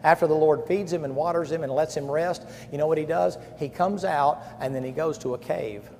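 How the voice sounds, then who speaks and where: A pastor preaches to a crowd in a blunt, folksy manner, his fairly high voice dropping to a hush and then rising to a loud push. A long reverb trails every phrase from the big hall, with faint noise under it. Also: brisk, creaky. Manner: emphatic, swings between hushed and loud. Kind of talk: camp-meeting sermon.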